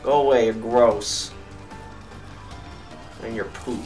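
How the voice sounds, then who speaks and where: A young man giving let's play commentary, cursing at enemies and getting excitable. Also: medium pitch, slow. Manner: profane, excitable, yells at enemies. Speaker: gamer. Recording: distant mic with game music behind.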